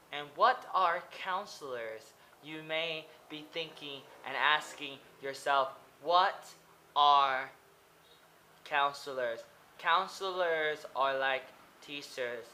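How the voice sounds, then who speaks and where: Male, 20s, bright tone, deliberate slow vlog delivery for learners. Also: mid-range voice, slight background noise. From Oregon, USA. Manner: repeats and rephrases simply for learners. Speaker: English teacher.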